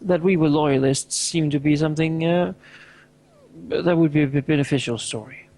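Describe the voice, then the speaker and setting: Player doing a tired dry man, gravelly and husky, dark tone. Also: on the high side, normal speed. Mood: pragmatic. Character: Laurel, weary pragmatic adult man. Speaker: tabletop player.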